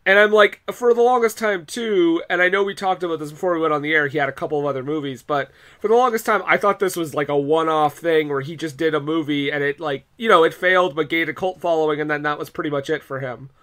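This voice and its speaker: A high-pitched man with a bright, forceful tone hosts a casual movie podcast. He jokes around and laughs often between his points. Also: quick pace, few pauses. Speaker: podcast co-host. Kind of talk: casual chat.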